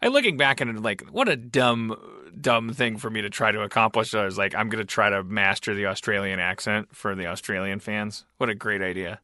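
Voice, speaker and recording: A man's voice: on the low side, brisk, hardly any pauses, pushed and bright, no echo, clean studio sound. A man hosting a podcast, chatting casually in a rambling, self-mocking way with many restarts. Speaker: podcast host. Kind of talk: casual comedic chat.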